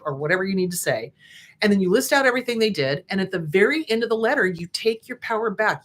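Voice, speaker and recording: A woman's voice: medium pitch, fast talker. Middle-aged woman therapist, casual and blunt, talks straight to camera with punchy emphasis. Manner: frank, emphatic, animated, playful asides. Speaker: therapist host. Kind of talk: casual advice talk to camera.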